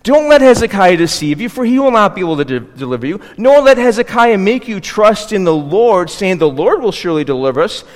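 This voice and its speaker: Brief: a preacher playing an arrogant royal envoy, raised loud taunting voice, echo of a long hall. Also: male voice, fairly high pitch, expressive, fast talker, few pauses, natural voice. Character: boastful Assyrian royal spokesman, taunting, arrogant, grown man.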